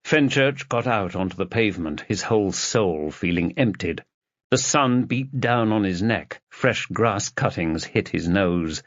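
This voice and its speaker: A man narrating a mystery novel as an audiobook in an expressive reading. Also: on the low side, a little slow, dry recording. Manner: expressive reading, voices the characters. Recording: dull, dry lo-fi recording.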